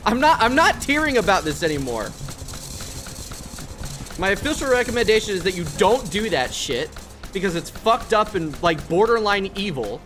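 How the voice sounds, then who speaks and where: A man's voice: sits high, sing-song, moderate pace, a bit bright, soft background music. Profane ranting male game streamer. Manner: profane, ranting, exasperated at chat. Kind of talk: live gaming stream commentary.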